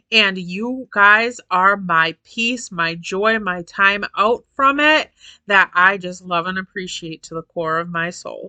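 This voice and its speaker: A woman in her forties talks straight to her viewers in a casual vlog. Her voice is bright and forceful, and the recording is dry and close. She is chatty, laughs often and repeats phrases for emphasis. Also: fairly low pitch, no echo. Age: 40s. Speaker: vlogger. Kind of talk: casual chat to camera.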